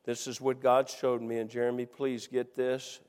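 A man preaching a sermon, telling a personal story with rising emotion and bursts of shouting. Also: mid-range voice, flat delivery, moderate pace, clean tone, long reverb tail.

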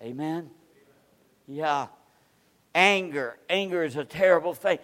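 Preaching man with high, echoing voice. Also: slow pace. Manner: storytelling with acted-out quotes, dynamic swings from loud to hushed. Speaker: pastor. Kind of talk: sermon. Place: church sanctuary.

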